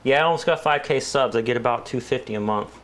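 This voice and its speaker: A man's voice: mid-range voice, fast, fairly bright tone, a little hiss or hum. A man chatting casually and rambling with jokes while working on a computer build. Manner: rambling, joking, mimics voices. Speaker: PC building vlogger.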